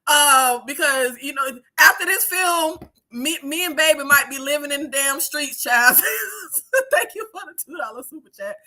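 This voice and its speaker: A woman in her thirties chatting casually on a livestream in an animated way, swearing freely, laughing and using many fillers. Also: high-pitched, normal speed. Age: 30s. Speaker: YouTube creator.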